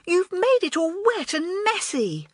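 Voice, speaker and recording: A woman voicing a hot-headed, excitable schoolgirl who talks in an eager, impulsive rush. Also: very high-pitched, a little slow, no echo, clean studio sound, pitched above the performer's own voice, full character voice. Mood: indignant.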